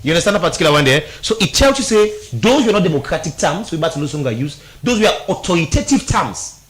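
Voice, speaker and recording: Animated Sierra Leonean radio commentator, man. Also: fairly high pitch, quick pace. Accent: Sierra Leonean Krio-inflected English. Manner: animated, emphatic, mixes Krio and English. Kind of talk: radio talk show analysis.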